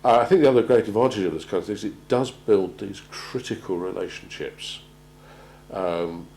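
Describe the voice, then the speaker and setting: A man gives a measured talk on crisis planning, often pausing and repeating words as he goes. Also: fairly low pitch, gravelly, darkish tone, low-quality recording. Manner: measured, halting, repeats words while finding them. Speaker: presenter on organisational crisis planning. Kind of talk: prepared talk to an audience.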